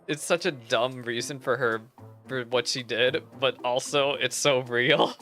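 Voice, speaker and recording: A man's voice: mid-range voice, fairly even intonation, a little slow, a bit bright, faint music behind. A man casually reacting to a video game's story as he plays, laughing and mock-outraged. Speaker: streamer playing a game.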